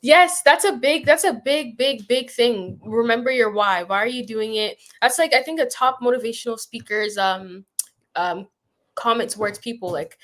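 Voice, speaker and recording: A woman's voice: fairly high pitch, moderate pace, a bit bright. Encouraging woman talk show host. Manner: encouraging, affirming listener. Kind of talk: interviewing a guest.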